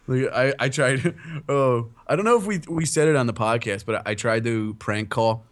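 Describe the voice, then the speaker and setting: A man's voice: mid-range voice, normal speed. A young man hosting a podcast, joking crudely and laughing often in casual banter. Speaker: podcast host.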